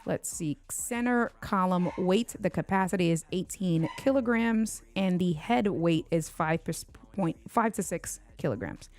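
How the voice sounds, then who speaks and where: A woman's voice: fairly low pitch, measured pace, hardly any pauses, darkish tone. A woman from Puerto Rico hosting a casual livestream unboxing at home, chatting and bantering with viewers in the chat. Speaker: tech livestream host.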